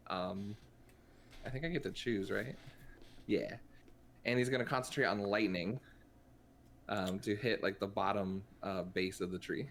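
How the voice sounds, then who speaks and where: A man's voice: fairly low pitch, unhurried, long pauses, a bit bright, a little hiss or hum. A man playing a tabletop role-playing game, talking casually and hesitantly with many ums and likes. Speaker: player.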